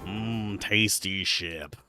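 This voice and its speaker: A man's voice: medium pitch, animated, brisk, fairly bright tone, faint music behind, lightly acted. A man voicing a cheerful, gluttonous game creature that speaks in broken grammar. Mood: savoring.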